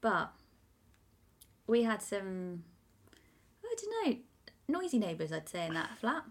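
A woman's voice: mid-range voice, huge pitch swings, slow. A young woman co-hosting a casual podcast chat, telling stories about herself with a self-mocking streak and frequent laughs. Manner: chatty, self-mocking storyteller, laughs often. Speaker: podcast co-host.

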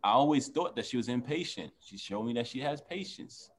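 A man, a father and interview guest, speaking in a relaxed, earnest way with many casual fillers. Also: mid-range voice, fairly quick. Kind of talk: casual chat.

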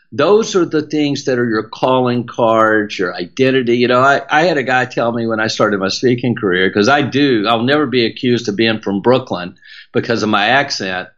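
A man's voice: medium pitch, muffled recording. A middle-aged man with a Southern American accent, a motivational speaker talking as a podcast guest in an emphatic, preacher-like rhythm with lots of repetition. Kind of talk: podcast interview.

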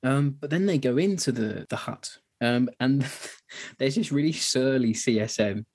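Man, podcast co-host, husky voice, mid pitch, casual and rambling. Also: measured pace, a little mellow. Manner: chatty, rambling, many fillers and restarts. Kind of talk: casual film discussion.

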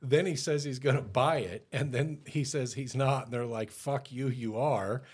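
A man co-hosting a podcast, ranting in exasperated, animated bursts, swearing casually and restarting his sentences. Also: medium pitch, normal speed, slightly rough. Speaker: podcast co-host. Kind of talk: casual chat.

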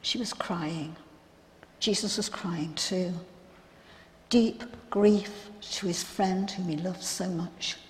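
In a first-person dramatic monologue, a woman with a lowish voice plays a grieving biblical sister, recounting her story in an earnest, reflective, halting manner. The recording has a long hall reverb.

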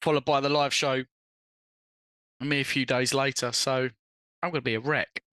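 A man co-hosting a live podcast in casual banter, animated and teasing, laughing often and swearing. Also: mid-range voice, normal speed, dry recording. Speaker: podcast co-host.

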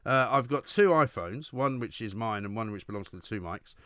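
A man hosting a radio talk show, chatting and telling stories in a brisk, conversational way. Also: lowish voice, expressive, fairly bright tone, clear, resonant tone, dry recording, clean studio sound. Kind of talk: casual radio chat.

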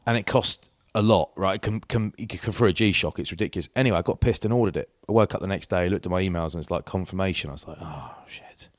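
A man's voice: low voice, quick pace, hardly any pauses, no room sound, clean studio sound. A middle-aged man in casual chat, telling anecdotes that ramble and restart. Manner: rambling anecdotes with self-interruptions. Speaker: podcast co-host.

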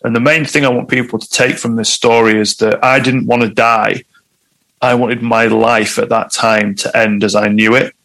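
A man's voice: medium pitch, little pitch movement, moderate pace, gravelly, fairly bright tone, rough recording. A man, a guest telling a personal story in conversation, candid and reflective.

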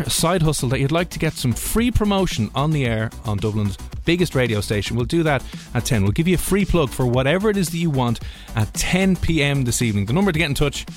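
A man's voice: on the high side, animated, brisk, soft background music. A man hosting an evening radio show, teasing his co-host in jokey banter. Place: radio studio.

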